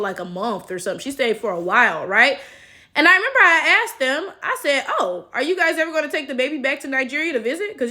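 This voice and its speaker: Black american woman chatting to her viewers, high voice, animated, keeps saying y'all. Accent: African American. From United States. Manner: animated, talks straight to viewers with y'all and right. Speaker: commentary vlogger. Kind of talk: casual commentary monologue.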